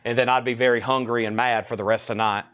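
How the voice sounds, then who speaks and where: A man hosting a live-stream record auction, calling out bids and prices in a loud, projecting voice. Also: medium pitch, steady tone, quick pace, no room sound, clean studio sound. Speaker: auction host.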